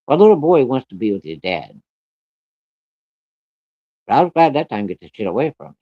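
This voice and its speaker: A man's voice: mid-range voice, very animated, a little fast, long pauses, dry recording. A man telling a personal story in a blunt, plain-spoken way, cursing freely. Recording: dry, dull lo-fi recording.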